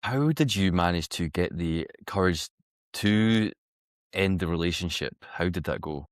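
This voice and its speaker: A man with a low, smooth voice hosts the podcast and asks gentle, probing questions. His voice sounds dry and close to the mic. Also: lively intonation, unhurried, no room sound.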